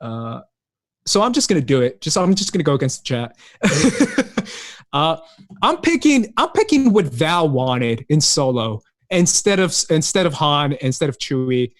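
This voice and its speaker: A man's voice: a little high, sing-song, normal speed. A man co-hosting a casual chat, upbeat and laughing often. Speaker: co-host.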